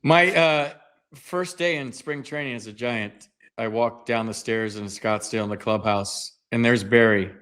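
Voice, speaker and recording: A man in his fifties hosting a casual sports podcast, an animated storyteller who acts out the people he quotes. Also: mid-range voice, a little slow. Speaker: podcast host, former player.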